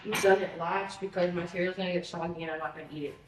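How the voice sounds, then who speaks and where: A woman's voice: fairly low pitch, fairly even intonation, fast talker. A young woman in her twenties rambling in a casual vlog at home, scattered and frantic, swearing and filling with "like". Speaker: vlogger. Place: apartment. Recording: echoey room with faint noise.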